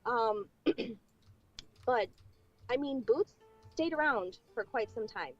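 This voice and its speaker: A woman with a slightly high voice recounts a personal story on a podcast, chatty and full of fillers as she acts out old conversations. The recording sounds dull and lo-fi, with soft music beneath it. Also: expressive, slow pace. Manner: chatty, filler-heavy, acting out past dialogue. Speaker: guest telling a personal paranormal story. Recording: dull lo-fi clip with faint music.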